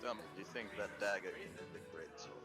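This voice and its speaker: A man plays his character in a tabletop role-playing game with an easygoing, laid-back manner. His voice is very low. Faint music runs behind him. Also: quick pace, sharp tone. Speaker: player.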